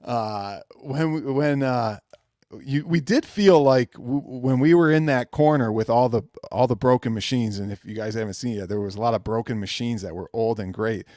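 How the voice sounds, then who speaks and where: A man's voice: medium pitch, normal speed, dry recording, clean studio sound. A man hosting a casual talk show, telling stories animatedly and acting out quotes. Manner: animated storyteller, acts out quotes. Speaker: podcast host. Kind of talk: casual chat.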